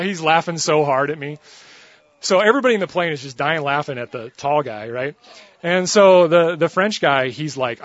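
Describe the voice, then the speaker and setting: Animated joking male preacher. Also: on the high side, a little fast, dry recording, highs cut off. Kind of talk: storytelling sermon.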